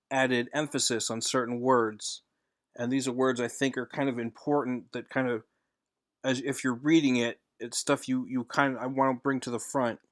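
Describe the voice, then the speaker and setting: A man's voice: mid-range voice, fairly bright tone, dry recording, clean studio sound. A man explaining his comic script in a casual tutorial voice-over, rambling and correcting himself with frequent fillers.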